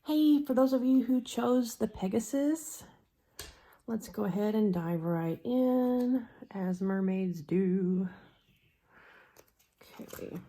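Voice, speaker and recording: Slow, mellow-voiced woman reading tarot. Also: fairly high pitch. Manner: slow and musing, trailing into soft murmurs. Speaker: tarot card reader. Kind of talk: pick-a-card tarot reading.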